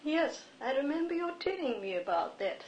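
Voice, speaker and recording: A woman sitting at a séance, speaking politely and gently to a spirit voice. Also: sits high, very animated, normal speed, lo-fi sound. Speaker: séance sitter. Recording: echoey old archive recording.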